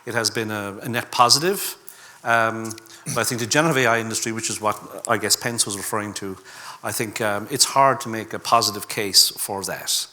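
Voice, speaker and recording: Low-ish bright-toned guy on a panel, blunt and skeptical. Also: brisk. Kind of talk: panel discussion. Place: conference hall stage.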